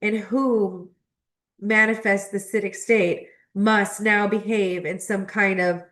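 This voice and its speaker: A woman's voice: mid-range voice, steady tone, slow, fairly bright tone. A young adult woman who hosts a spiritual astrology channel. She reads a spiritual text aloud and reflects on it, emotional and choked up, laughing between passages.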